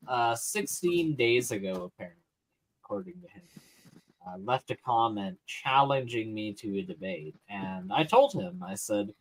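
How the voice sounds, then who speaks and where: A man's voice: medium pitch, slight background noise, poor audio. A man from Canada, chatting on a live stream and telling a rambling story full of restarts. His voice sits in the middle of a man's range. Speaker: regular guest on a live stream. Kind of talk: casual chat.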